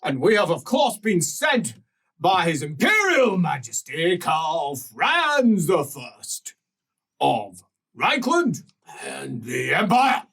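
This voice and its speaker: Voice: mid-range voice, big pitch swings, slow, vocal fry, fairly bright tone, slightly rough, recorded from a distance, full character voice. A game master doing a stammering, flustered male ambassador. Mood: formal. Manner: stammering, hesitant, apologetic. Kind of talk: improvised tabletop role-play.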